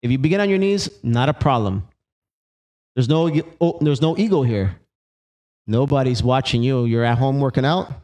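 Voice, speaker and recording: A man's voice: medium pitch, normal speed, a little mellow, rough recording. A man coaching an ab workout, counting and cueing reps aloud in an encouraging way. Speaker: fitness instructor. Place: small home workout studio.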